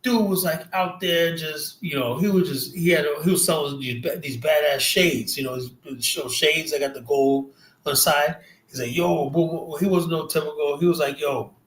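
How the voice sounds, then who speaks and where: A man's voice: on the high side, moderate pace, fairly bright tone, echoey room, poor audio. Emphatic streetwise American man debating. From United States. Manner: emphatic, streetwise, interrupts to press his point. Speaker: host. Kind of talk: heated casual debate.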